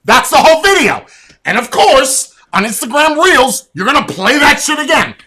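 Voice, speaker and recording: A man hosting a podcast, telling a blunt, profane and animated story in a casual rant. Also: extremely high pitch, normal speed. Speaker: podcast host.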